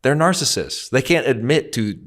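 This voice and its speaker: A young man from the American Midwest co-hosting a comedy podcast, making wry, sarcastic remarks in quick asides. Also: mid-range voice, lively intonation. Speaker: podcast co-host. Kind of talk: casual comedic chat.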